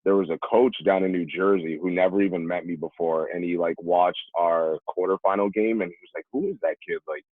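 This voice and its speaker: Low-voiced young man on a tinny line. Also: fairly quick, hardly any pauses, dry recording. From New York, USA. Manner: lively storyteller acting out quoted voices. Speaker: podcast guest, former college running back. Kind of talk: casual storytelling. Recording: tinny phone-like remote line, dry.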